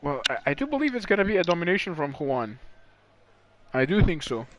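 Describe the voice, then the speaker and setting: A man commentating a racing league live, excitable and chatty. His voice sits fairly high and swings widely as he rambles and trips over his words. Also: a little fast.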